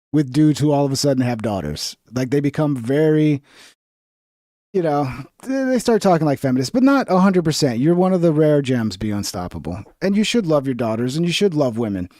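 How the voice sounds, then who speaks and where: A man's voice: fairly high pitch, big pitch swings, fairly quick, dark tone, no echo, studio quality. A man hosting a stream, giving blunt, profane reaction commentary in a ranting way. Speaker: streamer host.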